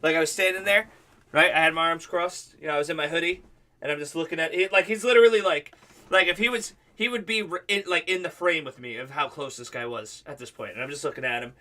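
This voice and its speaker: A man's voice: a little high, fast, pushed and bright. A male livestream host telling a rambling, profane story in casual chat.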